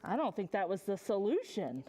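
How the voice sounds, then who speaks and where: A woman librarian reading a picture book aloud at a preschool story time, animated and sing-song, stopping to ask the children questions. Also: mid-range voice, normal speed, slightly rough. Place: public library story room.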